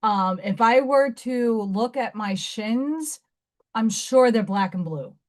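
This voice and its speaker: A woman runs an informal craft livestream from home, speaking slowly in a slightly high, expressive voice. She keeps up a chatty flow, laughs often, and coos at her cat like a baby.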